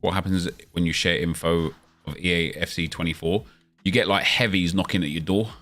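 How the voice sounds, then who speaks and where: Deep-voiced casual streamer man. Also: fairly even intonation, brisk, fairly bright tone, soft background music. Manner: chatty, reads viewer questions aloud. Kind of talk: casual live-stream chat.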